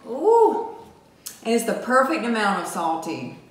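A woman's voice: on the high side, huge pitch swings, unhurried. A woman with a Southern US accent, co-hosting an eating show and chatting eagerly about the food. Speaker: mukbang co-host. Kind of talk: casual eating-show chat. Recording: very echoey room, faint noise.

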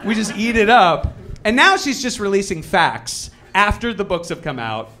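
A man doing a live stand-up set, talking in an animated way and jumping into loud mock voices when he quotes people. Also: high-pitched, moderate pace. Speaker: stand-up comedian. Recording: live club recording with audience noise. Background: audience laughter.

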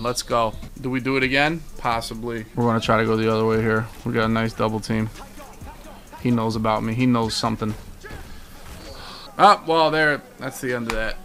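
A man's voice: mid-range voice, fairly bright tone. A young man streaming a football video game, giving hyped, trash-talking live commentary to his chat and repeating himself as he plays. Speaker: gaming streamer.

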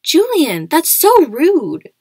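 A woman voicing a friendly, earnest ten-year-old schoolgirl in a storybook reading, eager and quick to scold rudeness. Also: medium pitch, expressive, vocal fry, no room sound. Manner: eager, scolding when upset.

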